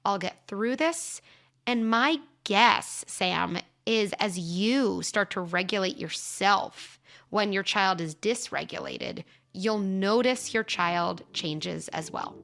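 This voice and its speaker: A woman hosting an advice podcast on parenting, speaking in a calm, measured and reassuring way as she talks through reframes. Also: medium pitch, gravelly. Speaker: podcast host, parenting advisor.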